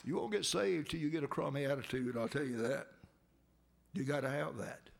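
A man preaching a sermon, fervent and emphatic, who swings from high pleading cries to low earnest asides. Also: animated, fairly quick, gravelly.

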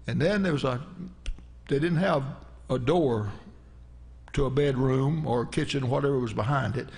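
A middle-aged preacher, telling a folksy, rambling story in a sermon. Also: male voice, mid-range voice, moderate pace, pauses often.

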